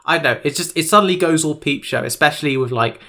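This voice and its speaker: A man's voice: on the high side, quick pace, sharp tone. A man co-hosting a podcast in casual chat, retelling scenes animatedly and acting out the characters' lines. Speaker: podcast co-host.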